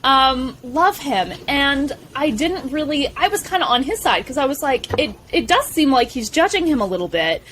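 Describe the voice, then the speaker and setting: A young woman co-hosting a podcast, eagerly retelling film scenes in a gushing, animated way. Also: high-pitched, moderate pace, few pauses, a little hiss or hum. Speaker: podcast co-host. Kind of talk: casual film discussion chat.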